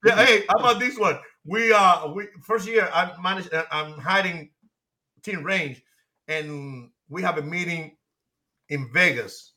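A man in his sixties tells locker-room stories with animated, profane energy. His voice sits high and sounds bright and forward. He laughs through his own punchlines. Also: measured pace. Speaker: guest, former baseball manager. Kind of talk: casual storytelling.

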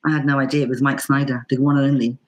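A middle-aged Irish woman, a banjo player, telling a casual anecdote in a lively way, acting out the voices she quotes. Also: very deep voice, rapid-fire. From Ireland. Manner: lively, acts out quoted voices with lots of fillers. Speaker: banjo player and teacher guest.

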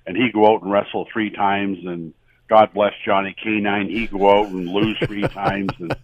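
A man's voice: lowish voice, little pitch movement, moderate pace, dry recording. A man calling in as a sports guest, reminiscing in a rambling, casual way. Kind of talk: casual chat. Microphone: telephone. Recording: tinny phone line.

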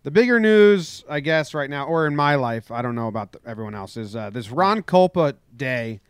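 A man co-hosting a podcast, retelling a baseball dispute in casual chat and acting out the shouting. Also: mid-range voice, normal speed, clear, resonant tone, no echo, studio quality. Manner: animated storytelling, acts out shouted quotes. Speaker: podcast co-host.

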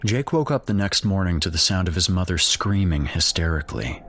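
Deep-voiced man narrating horror. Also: animated, a bit bright. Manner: measured, grave storytelling. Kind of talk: scripted horror story narration.

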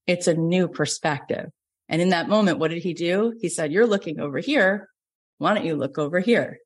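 A woman in her forties from Florida, a business coach telling personal stories in a lively podcast talk. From Florida, USA. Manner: lively storytelling, jumps up in pitch for quoted dialogue.

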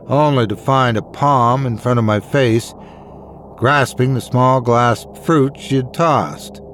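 A man reading a horror story aloud in a measured, suspenseful way. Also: mid-range voice, slight background noise. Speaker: narrator. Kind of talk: scripted horror story narration.

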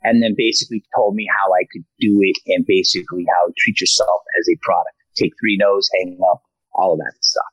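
Male comic guest, lively storyteller, dry close sound. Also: deep voice, a little fast, no room sound, muffled recording. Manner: animated storyteller, slips into character voices. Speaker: guest comedian. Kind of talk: casual podcast chat.

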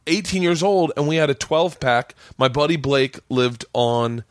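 A man hosting a casual podcast, telling stories in a rambling, animated way and swearing a lot. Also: on the high side, unhurried, dry recording, studio quality. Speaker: podcast host. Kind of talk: casual chat.

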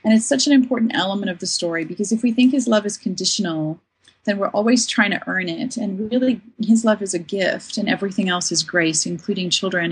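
A woman's voice: mid-range voice, husky, low-quality recording. A woman guest on a podcast telling a personal story in a candid, self-deprecating way. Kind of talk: conversational storytelling.

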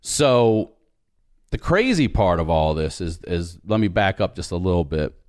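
A man's voice: low-pitched, sing-song, measured pace, darkish tone, no room sound, studio quality. A man in his forties telling a personal story, acting out the dialogue and swearing freely. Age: 40s. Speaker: podcast guest. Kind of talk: storytelling in casual conversation.

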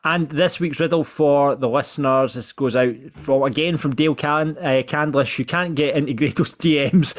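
Scottish bloke running the podcast segments, banter, higher voice. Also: male voice. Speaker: podcast host. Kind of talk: casual football podcast chat.

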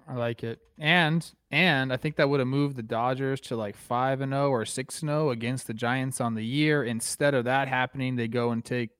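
A man's voice: mid-range voice, fairly even intonation, moderate pace, few pauses, a bit bright, clear, resonant tone, no echo, studio quality. A man co-hosting a sports podcast in loose casual chat, often repeating words. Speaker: podcast co-host.

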